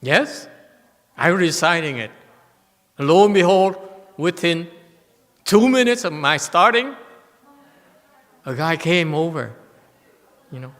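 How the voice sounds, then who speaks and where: A man's voice: a little high, expressive, slow pace, pauses often, a bit bright, in a large hall. A man giving a Buddhist dharma talk, telling stories animatedly and tossing rhetorical questions to his listeners. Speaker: Buddhist teacher. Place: temple hall.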